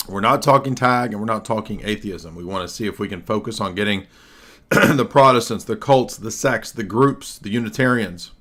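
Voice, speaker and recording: A man hosting a livestream, delivering combative, sarcastic commentary and often clearing his throat. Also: lowish voice, fairly bright tone. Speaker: livestream host. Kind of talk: argumentative solo commentary.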